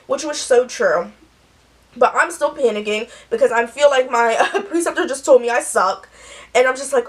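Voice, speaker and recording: A woman's voice: sits high, normal speed. A young woman, chatting through a story while doing her makeup, acting out the people she quotes. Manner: chatty, animated, acts out quotes. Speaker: nurse vlogger.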